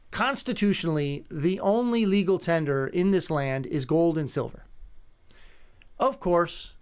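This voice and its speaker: A man's voice: on the high side, clear, resonant tone. A man in his fifties hosting a talk radio show, talking in an emphatic, conversational way. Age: 50s. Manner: conversational, emphatic, greets callers by name. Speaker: radio host.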